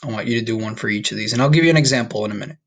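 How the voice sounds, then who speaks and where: A man teaching a recorded online Spanish lesson in a casual way, often checking in with "okay?" and "all right?". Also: fairly low pitch. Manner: slow, drawn-out modeling of Spanish words.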